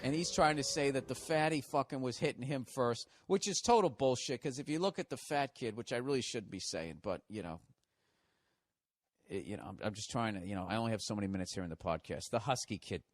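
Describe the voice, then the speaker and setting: A middle-aged podcast host delivers a profane, ranting monologue that keeps breaking into laughter. His medium-pitched voice is expressive and fairly quick, with no room sound in a casual recording.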